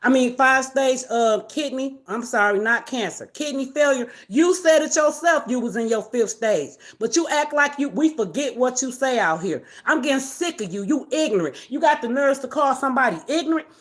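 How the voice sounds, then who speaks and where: A woman with a high-pitched voice rants on her own live stream, blunt and confrontational as she scolds someone. She talks straight into her camera in a loose, unscripted way. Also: lively intonation, moderate pace, hardly any pauses. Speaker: livestream host. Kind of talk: livestream rant. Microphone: phone or webcam on a live stream.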